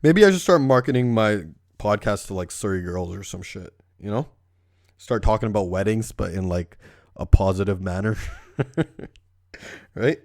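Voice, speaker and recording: A man's voice: on the low side, lively intonation, moderate pace, pauses often, a little mellow. A young man from Canada hosting a casual, rambling podcast, full of swearing and laughing as he tells stories. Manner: profane, laughing storyteller. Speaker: podcast host.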